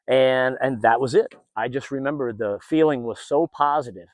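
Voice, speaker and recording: A middle-aged man outdoors, telling a personal story in a casual, animated way and acting out what others said. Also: mid-range voice, a little fast, hardly any pauses, no room sound. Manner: animated, acts out what others said, many restarts. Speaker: vlogger and former event announcer.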